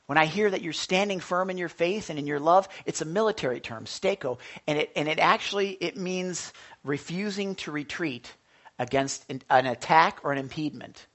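Animated male pastor preaching. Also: fairly high pitch, normal speed. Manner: animated, swings between loud emphasis and soft asides. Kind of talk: sermon.

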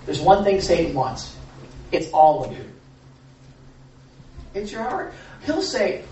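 A preacher leading an informal Bible study, animated and repetitive with jokey asides. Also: mid-range voice, slow pace, pauses often, highs cut off. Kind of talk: informal sermon. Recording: echoey room from far off, faint noise.

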